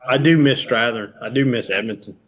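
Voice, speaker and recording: Middle-aged Southern US man, animated yarn-spinner, salty language, remote call. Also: mid-range voice, brisk, muffled recording. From Georgia, US. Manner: animated storyteller, swears freely, jumps between topics. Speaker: guest. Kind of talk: casual chat.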